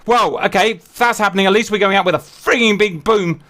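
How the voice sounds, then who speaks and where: A man commentating a simulated naval battle to his viewers, animated and jokey, swearing as things go wrong. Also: sits high, fairly quick. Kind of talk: excitable game commentary.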